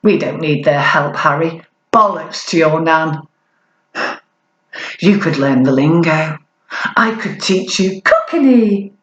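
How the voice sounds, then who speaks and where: A woman's voice: low voice, reverberant, lo-fi sound, pitched below the performer's own voice, heavily acted. A woman playing a glamorous royal wife, breezy and mocking, as she imagines the couple living poor.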